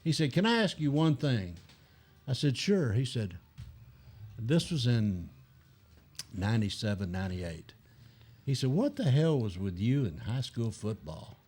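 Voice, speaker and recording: An older man telling animated anecdotes as a guest in a casual chat, acting out other people's lines. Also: mid-range voice, measured pace, husky.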